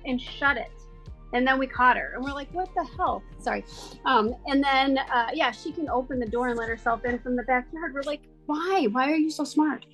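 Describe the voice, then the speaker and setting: Casual podcast host, woman, slightly high pitch, chatty storyteller, faint music bed. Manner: chatty, animated storytelling with many fillers. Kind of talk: casual chat.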